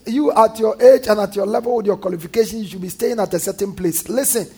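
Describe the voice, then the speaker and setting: A male pastor delivers a lively sermon. His voice sits high and sounds husky. He often turns to the congregation with call-and-response and mimics what scoffers say.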